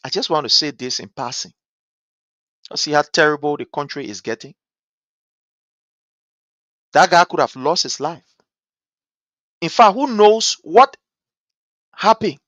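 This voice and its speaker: A man's voice: fairly high pitch, animated, unhurried, long pauses, fairly bright tone, no room sound. A man from Liberia with a Liberian English accent, hosting a political talk show and giving impassioned commentary full of rhetorical questions and repeated points. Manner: rhetorical, repeats points, asks "guess what".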